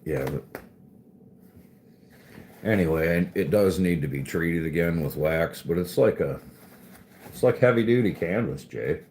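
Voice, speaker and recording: A man's voice: sits low, expressive, a little slow, pauses often, a little mellow, a little hiss or hum. A man hosting a casual live stream, joking, swearing and reading chat aloud. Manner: laid-back, profane, joking, reads chat aloud. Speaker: livestream host chatting with viewers.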